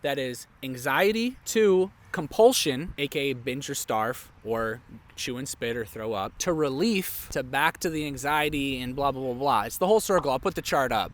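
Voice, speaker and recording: A young man candidly telling his personal story in a vlog, animated and full of "like". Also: medium pitch. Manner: candid, animated, heavy use of "like". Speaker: vlogger.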